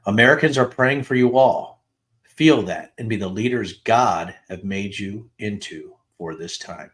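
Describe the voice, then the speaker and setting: Middle-aged male host, lowish register, reads messages aloud: flat dates, then quotes leaned on for emphasis. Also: unhurried. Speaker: podcast host reading text messages aloud. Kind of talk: dramatic reading of texts with asides.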